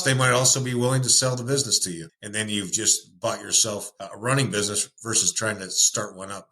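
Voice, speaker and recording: Bright-voiced man giving upbeat advice. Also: on the low side, poor audio. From West Coast of the United States. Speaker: podcast guest, marketing agency founder. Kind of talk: casual interview conversation.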